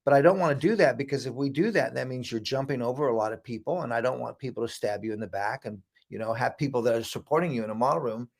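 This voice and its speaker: A middle-aged man from the United States, a guest telling an animated story and acting out the voices of the people in it. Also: mid-range voice, fast, gravelly, hardly any pauses. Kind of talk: storytelling interview.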